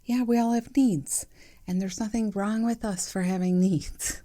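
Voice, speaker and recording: A woman hosting her own podcast, talking candidly and reflectively in a chatty way with soft laughs. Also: mid-range voice, steady tone, measured pace. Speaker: podcast host. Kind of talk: reflective solo podcast monologue.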